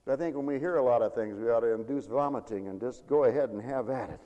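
A man preaching a sermon with animated, folksy storytelling. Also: medium pitch, fast, long reverb tail, lo-fi sound.

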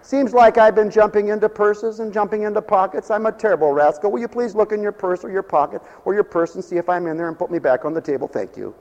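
A man's voice: high voice, fast, few pauses, a little mellow, muffled recording. A man voicing a mischievous male salt shaker making a polite, sheepish announcement in an echoey hall.

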